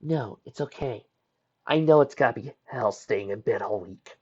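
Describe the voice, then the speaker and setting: A man's voice: medium pitch, moderate pace, a little mellow, breathy edge, natural voice. A man voicing a caring young foster sister. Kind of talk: fan fiction read aloud. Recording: dull lo-fi home recording.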